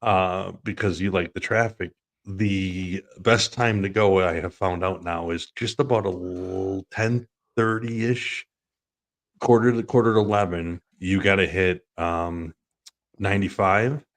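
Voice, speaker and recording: A man's voice: sits low, fairly even intonation, a little slow. A man co-hosting a sports talk show, telling rambling stories and laughing through them. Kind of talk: casual storytelling chat.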